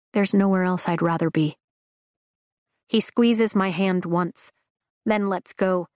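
Woman audiobook narrator, measured and steady, slightly low voice, dry studio recording. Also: no room sound. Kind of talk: first-person audiobook narration.

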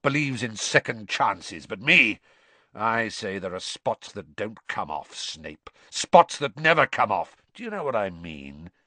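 A man voicing a gruff, grizzled old male auror who growls slowly and with menace. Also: fairly low pitch, sing-song, sharp tone, no echo, heavily acted. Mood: menacing.

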